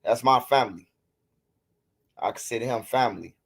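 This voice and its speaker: A man's voice: mid-range voice, normal speed, vocal fry, fairly bright tone, husky. A man with a Chicago accent hosting casual livestream commentary, mocking and trash-talking his critics with lots of repetition. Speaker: commentary host of a street news channel.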